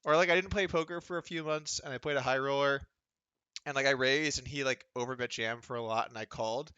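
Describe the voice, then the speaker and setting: During a casual online poker livestream, a man in his thirties chatters on sardonically, mocking others through impressions. His medium-pitched voice is steady, clear, resonant, bright and slightly tense, moving a little fast, and it is recorded close to the mic in a dry, echo-free room.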